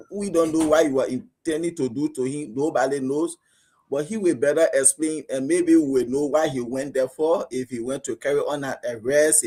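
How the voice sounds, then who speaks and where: A Liberian man giving animated talk radio commentary, acting out police stops as he argues. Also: slightly rough. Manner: animated, rising pitch when outraged, acts out police exchanges. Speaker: radio panelist.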